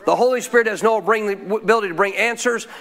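Man, pastor, high voice, sermon, asks the congregation questions, repeats phrases for emphasis. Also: fast, a bit bright. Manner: preaching with call-and-response questions.

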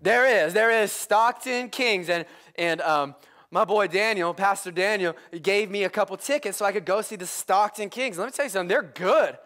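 A male pastor preaching a sermon, excitable and prone to shouting with enthusiasm. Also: sits high, moderate pace. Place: church.

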